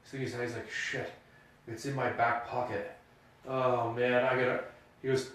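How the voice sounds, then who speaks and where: A man's voice: mid-range voice, normal speed. A man co-hosting a podcast, telling stories in casual chat and acting out the quotes with gusto. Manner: animated storyteller, acts out quotes loudly. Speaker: podcast co-host. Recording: roomy echo, mic at a distance.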